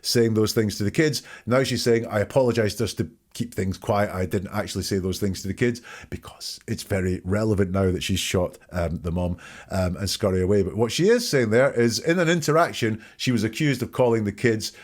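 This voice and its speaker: A man's voice: lowish voice, fairly quick. A man hosting a podcast, giving analytical commentary on a police interview and methodically picking apart its phrasing word by word. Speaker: podcast host.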